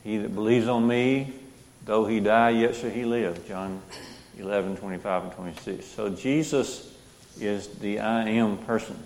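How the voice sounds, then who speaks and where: A man with a low, gravelly voice leads a Bible class. He reads verses aloud and puts questions to the group as he goes. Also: fairly even intonation, unhurried, darkish tone, big-room sound, slight background noise. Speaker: Bible study teacher.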